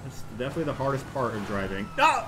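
A young man casually commenting as he plays a video game, animated and prone to shouting at what happens on screen. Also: medium pitch, fast, noisy background. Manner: animated, exclaims and yells at the game. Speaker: gaming YouTuber.

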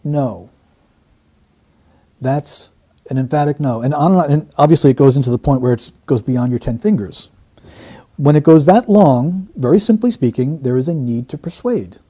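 This man, a statement analyst, dissects an interview with calm, explanatory commentary, repeating the important phrases. His voice is on the high side, expressive, dark-toned, and slightly rough.

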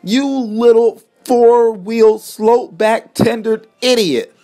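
A man voicing a furious, vain male steam engine in a storybook, snapping insults slowly and loudly. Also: very high voice, voice pushed up, full character voice. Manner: snapping, shouting, slow and loud.

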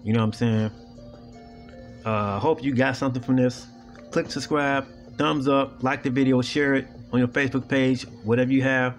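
A man's voice: medium pitch, fairly even intonation, moderate pace, soft background music. A man with hosting a video, talking straight to viewers in a blunt, preachy, profane way and often asking "you know what I'm saying". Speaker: video host. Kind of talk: casual monologue to viewers.

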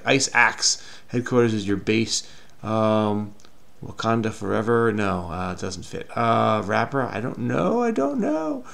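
Gravelly man muttering through a crossword. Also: mid-range voice. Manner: muttering, hesitant, self-questioning. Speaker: crossword solving host. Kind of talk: casual think-aloud puzzle solving.

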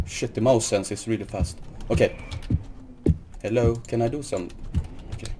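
A man's voice: fairly low pitch, unhurried, noisy background. A man hosting a horror game playthrough, jumpy and nervous, repeating greetings and swearing when startled while claiming he is not scared. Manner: keeps insisting he is not scared. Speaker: gaming video host. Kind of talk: horror game let's play commentary.

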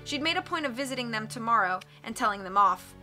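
A woman narrating an audiobook in a clear, expressive reading voice. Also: on the high side, fast talker, faint music behind. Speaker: audiobook reader.

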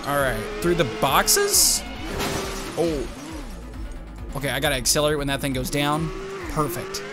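A man in his let's-play commentary, reacting with excitable outbursts and talking back at the game as he plays. His voice sits fairly high and swings up and down a lot. Game music plays clearly underneath him. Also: unhurried. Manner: excitable, talks to the game and himself, jumpy outbursts. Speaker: gaming YouTuber.

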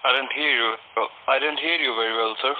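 A man's voice: medium pitch, fairly even intonation, fairly quick, slight background noise. A man from India answering as a support agent, curt and guarded. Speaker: scam call-center agent. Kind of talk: customer support call. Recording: phone line audio.

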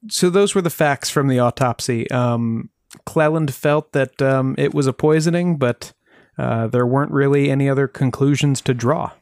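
A man's voice: mid-range voice, normal speed, a little mellow, no room sound. A man co-hosting a podcast, telling a mystery case with dry jokes in casual chat. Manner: dry, joking storyteller. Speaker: podcast co-host.

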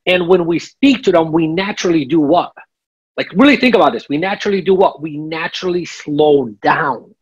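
Husky male coach on a dull line. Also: on the high side, a little fast. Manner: emphatic, checks in with repeated "okay?". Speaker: real estate coach, guest. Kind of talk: interview, coaching talk.

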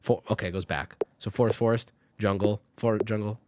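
A man's voice: lowish voice, steady tone, brisk, slight background noise. A man streaming a game, talking through each move aloud, swearing and breaking into sudden yelps. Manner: swears often, talks through moves out loud, with sudden yelps. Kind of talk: live-streamed game commentary.

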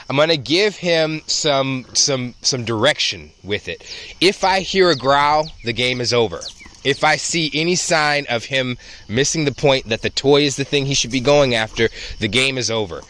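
A man teaching dog training outdoors, explaining in a relaxed way with frequent ums and restarts. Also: mid-range voice, moderate pace, a little hiss or hum. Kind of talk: casual outdoor instruction.

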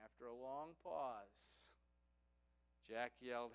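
A male preacher giving a sermon in a fairly high, clear voice. He tells a story to make his point and often checks in with his listeners with a "right?". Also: unhurried, fairly bright tone.

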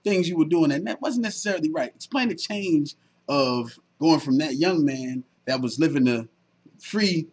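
A man with a New Jersey accent hosting a casual TV interview, joking and animated with his guest. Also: fairly high pitch, moderate pace, husky. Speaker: talk show host.

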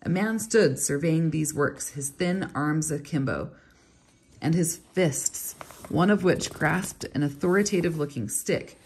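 A woman reading a novel aloud in a steady, even storytelling manner. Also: deep voice, creaky, slightly rough. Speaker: reader.

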